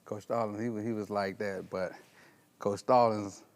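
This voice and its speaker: A man's voice: on the low side, steady tone, normal speed. Man rambling amused about his coach. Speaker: former player. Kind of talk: casual reunion storytelling.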